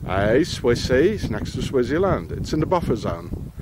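A man talks into a handheld phone camera as he walks outdoors, rambling conspiratorially and pointing things out. His pitch sits in an ordinary middle range. Faint traffic hums behind him. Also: sing-song, moderate pace. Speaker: vlogger. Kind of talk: walking commentary to camera.

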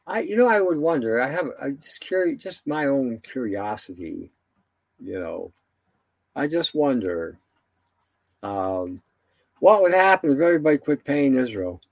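A man's voice: mid-range voice, very animated, a little slow, no echo. A man giving a rambling, indignant solo commentary, full of fillers and restarts.

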